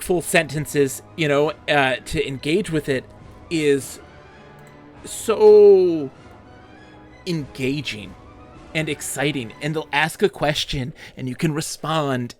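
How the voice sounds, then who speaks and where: A young man streaming a game, chatting enthusiastically and rambling with frequent laughs. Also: a little high. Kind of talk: casual live-stream game commentary.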